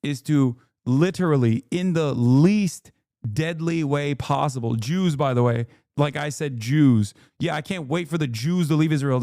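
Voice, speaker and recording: Hoarse streamer guy ranting, swears a lot, kinda high voice, dead dry sound. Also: darkish tone, no room sound. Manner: profane, exasperated ranting. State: losing his voice. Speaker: livestream host. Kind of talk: heated reaction commentary.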